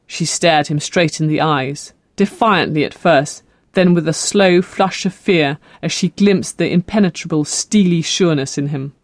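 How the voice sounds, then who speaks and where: An audiobook narrator reading a novel in a measured, expressive way. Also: medium pitch, no echo. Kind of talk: scripted narration.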